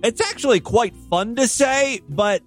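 A man's voice: very high-pitched, animated, a little slow, faint music behind. A man hosting a comedy podcast, reading odd news stories aloud and breaking in with wisecracking, mock-outraged asides. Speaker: podcast host. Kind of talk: comic news commentary.

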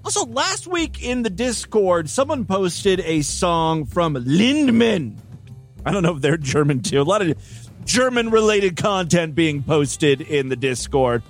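A man's voice: high-pitched, very animated, measured pace, soft background music. A man hosting a podcast, giving crude, irreverent commentary on clips. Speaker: podcast host.

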